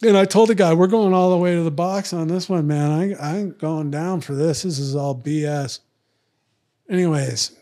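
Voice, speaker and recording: Podcast guest, middle-aged man, a touch high, animated profane storyteller. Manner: animated, acts out others' lines in raised voice; profane, drawn-out slang. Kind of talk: storytelling in casual talk.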